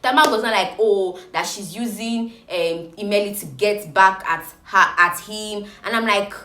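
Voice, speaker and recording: A woman chattily recapping reality TV gossip, animated and exclaiming. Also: medium pitch, a little slow, roomy sound.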